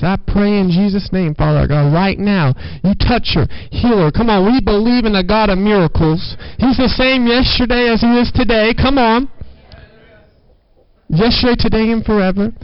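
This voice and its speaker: Male preacher, fervent sermon delivery, high voice; dull, dry sound. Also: clean tone, dry recording. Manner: fervent, call-and-response exhortation. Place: church service.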